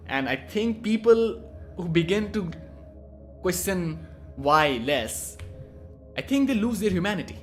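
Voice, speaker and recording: Brief: young man from India, rambling cheeky vlog talk, slightly high voice, faint music under. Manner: rambling, profane, cheeky, restarts often. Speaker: vlogger. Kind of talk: casual rambling monologue.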